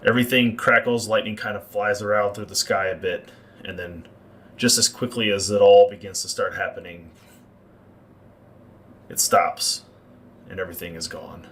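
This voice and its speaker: Deep-voiced male game master narrating. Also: a bit bright, a little hiss or hum. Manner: descriptive, unhurried scene-setting.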